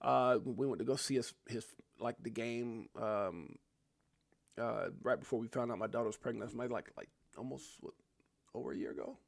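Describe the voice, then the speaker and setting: A man's voice: mid-range voice, normal speed, gravelly, no room sound. Laid-back man chatting on a livestream. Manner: laid-back, chatty, calls viewers bro and fam. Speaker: livestream host. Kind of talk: casual live chat reading viewer comments.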